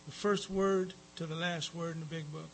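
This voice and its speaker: A man's voice: fairly high pitch, fairly even intonation, normal speed, gravelly, slight background noise, poor audio. A man giving a rambling personal talk at a recovery meeting, with frequent fillers and some profanity.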